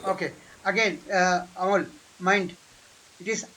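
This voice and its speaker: A man teaching German online, correcting pronunciation patiently and repeating words slowly. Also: high voice, steady tone, bright, forceful tone, low-quality recording. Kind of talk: online language lesson.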